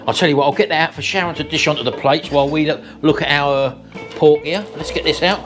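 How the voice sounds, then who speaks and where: Middle-aged man, home cooking vlog host, enthusiastic and folksy, higher-pitched, faint backing music. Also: fast talker. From England. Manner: chatty, enthusiastic, keeps addressing viewers as folks. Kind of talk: casual cooking vlog chat. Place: home kitchen.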